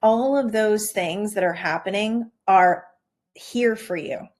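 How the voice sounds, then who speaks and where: A woman's voice: medium pitch, slow pace. Chatty woman podcast host telling stories. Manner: chatty, animated, many "like" fillers and quoted asides. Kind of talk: casual storytelling monologue.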